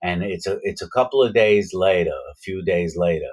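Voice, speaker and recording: A man's voice: deep voice, moderate pace, poor audio. A man casually telling a long personal story, rambling with plenty of fillers and restarts. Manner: grows louder and more excited as the story builds.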